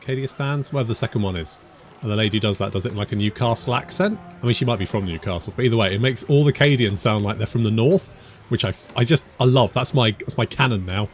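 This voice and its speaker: A gaming YouTuber with a fairly low voice talks fast over a faint hiss or hum. He rambles through his let's play, thinking aloud, muttering to himself, and drifting onto tangents.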